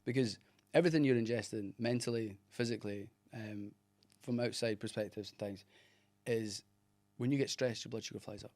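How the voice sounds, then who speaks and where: Animated male guest, dry sound. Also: lowish voice, a little fast, no room sound. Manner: animated storyteller, laughs often. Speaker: guest actor. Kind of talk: casual chat.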